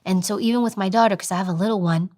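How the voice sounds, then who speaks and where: A woman as an interview guest giving conversational advice, emphatic and animated, often repeating a phrase for weight. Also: rapid-fire. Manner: animated, acts out examples in a high voice. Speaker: interview guest, former security agent.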